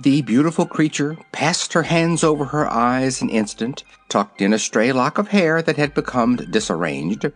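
A man reading a storybook aloud in a measured, expressive way. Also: medium pitch, faint music behind. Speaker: audiobook reader. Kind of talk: storybook narration.

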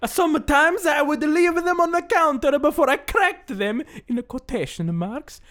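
A hammy little old Italian man, as a podcaster puts him on drags out every word of a product review. He speaks in a thick put-on Italian accent. His sing-song voice sits higher and swoops all over the place. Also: animated, a bit bright. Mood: hammy, mournful. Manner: slow, drawn-out, sing-song reading. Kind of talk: comic dramatic reading.

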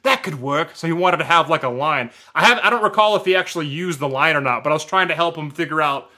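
A man co-hosting a podcast, telling a rambling story in casual chat, animated, full of fillers and laughs. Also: fairly high pitch, fast. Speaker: podcast co-host.

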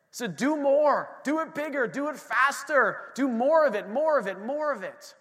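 A man's voice: high-pitched, bright, forceful tone. A man preaching a sermon in a church, emphatic and repetitive as he builds intensity. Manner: emphatic preaching, repeating phrases with rising intensity. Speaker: pastor. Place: church sanctuary. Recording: long hall reverb.

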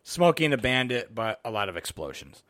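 A middle-aged man co-hosting a podcast, chatting casually and telling rambling, profane, animated movie stories into a close mic. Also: medium pitch, fairly quick, no echo. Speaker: podcast co-host. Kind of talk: casual chat about movies.

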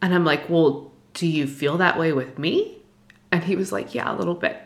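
A young woman telling an emotional personal story, halting and distressed, full of fillers and restarts. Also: fairly low pitch, vocal fry. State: distressed, near tears.

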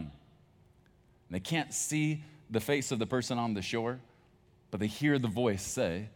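Deep-voiced man preaching. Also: animated, a little slow. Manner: conversational, emphatic storytelling with laughs. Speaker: pastor. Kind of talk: sermon.

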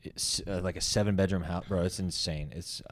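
A man's voice: low voice, fairly even intonation, brisk. A young man co-hosting a casual podcast, rambling and swearing a lot in loose, joking banter. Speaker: podcast co-host.

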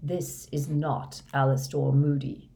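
Female narrator as an old commanding male wizard, low, curt, measured. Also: darkish tone. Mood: cold command. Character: ancient male headmaster wizard, cold, commanding.

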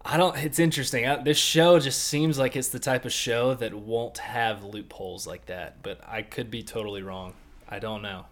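Animated young man recapping an anime. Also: medium pitch, moderate pace. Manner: animated, swings loud on emphasis, jokey. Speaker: podcast co-host. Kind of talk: casual chat recapping an anime episode.

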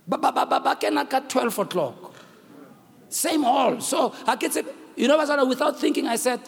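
Pitched extremely high and gravelly, this man preaches at normal speed with lively intonation while some chatter sounds behind him. As a pastor, he tells a story, calls out to his congregation, and switches between English and local languages, recorded in a reverberant hall with faint room noise.

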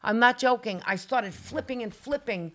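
A woman telling a frightening personal story on a casual talk show, animated and dramatic, acting out her own cries and swearing as she goes. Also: fairly high pitch, normal speed.

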